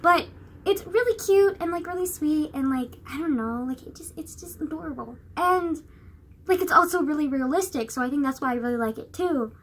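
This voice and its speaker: A woman's voice: high voice, expressive, fairly quick, a little hiss or hum. A young woman vlogging in a rambling, casual way, full of "like" and swearing. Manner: rambling, filler-heavy, swears a lot. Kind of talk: casual chat.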